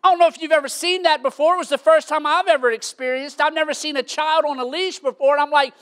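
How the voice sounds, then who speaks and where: A man, preaching a sermon as pastor with animated, shouting storytelling. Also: extremely high pitch, fast, few pauses.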